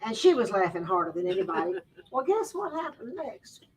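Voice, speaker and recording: A woman's voice: mid-range voice, sing-song, fairly quick, far from the mic, crowd noise, poor audio. A woman, telling a funny story to a live audience at a store event and laughing through it. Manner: Southern-style folksy talk, laughing through her story.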